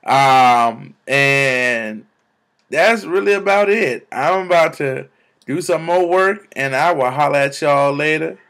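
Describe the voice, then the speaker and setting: A young man vlogging about faith, exclaiming and repeating words in bursts of excitement, talking into a camera. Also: on the high side, slow pace. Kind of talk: excited spiritual vlog testimony.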